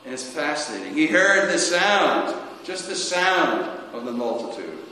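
A man delivering a sermon at an unhurried, deliberate pace, rising suddenly and then falling to a near murmur. His voice rings through a big echoey church with a long reverb tail, with a faint hiss in the background. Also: on the high side, sing-song. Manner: slow, halting, with sudden rises and soft drops. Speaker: preacher.

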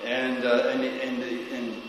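A man preaching a sermon on scripture, speaking haltingly with frequent restarts and repeated words. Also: medium pitch, monotone, background noise. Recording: very echoey hall with long reverb and faint ambience.

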